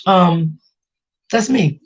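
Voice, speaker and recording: A woman's voice: lowish voice, lively intonation, extremely slow, highs cut off. A woman hosting a casual livestream, venting about family and reassuring her chat viewers, often repeating herself. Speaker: livestream host.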